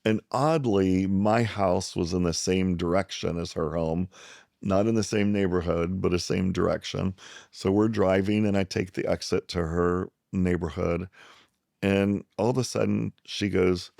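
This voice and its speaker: A man's voice: low-pitched, measured pace, creaky, no echo, studio quality. A middle-aged man from South Texas, a psychiatrist guest, telling a story in conversation and acting out the people he quotes. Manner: animated storyteller who acts out the people he quotes.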